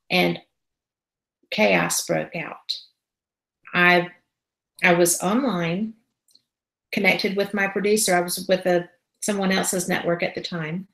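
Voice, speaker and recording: A woman with a low, gravelly voice tells a story as a guest in an interview. She is animated and acts out the conversations she describes. Her voice sounds roomy, with echo around it. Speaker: guest paranormal investigator and radio host.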